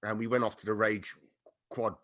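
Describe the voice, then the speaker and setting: Lively man telling a story. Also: fairly low pitch, normal speed. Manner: animated anecdote-telling with laughter and acted-out quotes. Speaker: podcast guest. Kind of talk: casual storytelling chat.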